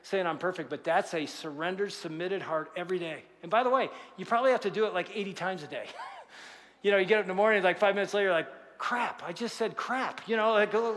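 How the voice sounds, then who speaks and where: An older man in his sixties preaching to a congregation, chatting through stories and asides rather than reciting. His voice sits high for a man, and it rings out with a long reverb. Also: fast. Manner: conversational, animated storytelling with asides. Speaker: pastor. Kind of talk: sermon. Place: large church auditorium.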